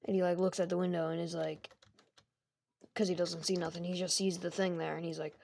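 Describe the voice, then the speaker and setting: A woman's voice: fairly low pitch, flat delivery, brisk, creaky, darkish tone, slight background noise. A woman casually narrating a silly game story in a rambling, self-correcting way.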